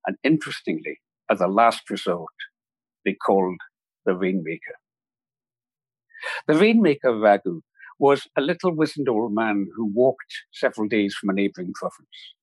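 A man, a podcast guest telling a story in a reflective, measured way. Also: lowish voice, expressive, husky, no echo, low-quality recording. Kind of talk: storytelling in a conversation.

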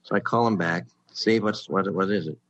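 Relaxed and middle-aged, this sitcom writer guest trades show-business stories at normal speed, slipping into the voices of those he quotes and growing louder and higher on the punchlines. His voice is slightly low and his telling easy and chatty. The audio is poor, though without echo.

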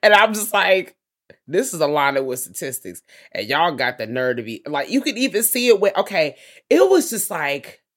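A woman's voice: mid-range voice, big pitch swings, moderate pace. A woman co-hosting a podcast in casual chat, blunt and profane, often laughing.

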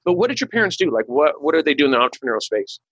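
A man's voice: on the high side, sing-song, fairly bright tone, slightly rough, no echo, highs cut off. A man hosting a podcast interview in casual chat, telling jokey stories. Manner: fast, jokey storyteller. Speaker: podcast host.

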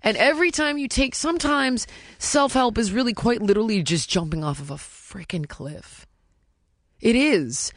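A woman's voice: fairly high pitch, expressive, normal speed, no echo, studio quality. A middle-aged woman hosting a podcast, talking candidly and bluntly in casual chat, cursing freely. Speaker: podcast host.

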